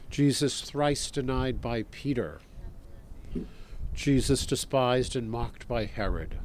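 Man slowly reciting a solemn litany. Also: mid-range voice, a little mellow, a little hiss or hum. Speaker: priest leading prayer.

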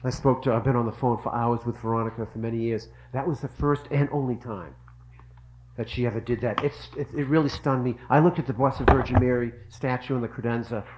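A man's voice: mid-range voice, steady tone, fairly quick, a little mellow, a little hiss or hum, rough recording. Earnest man giving a devotional talk. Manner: earnest, storytelling, repeats for emphasis. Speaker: religious speaker.

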